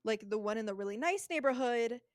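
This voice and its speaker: A woman's voice: on the high side, lively intonation, a little fast, no echo, clean studio sound. A young woman co-hosting a podcast in casual chat, sarcastic and full of slang, often laughing. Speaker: podcast co-host.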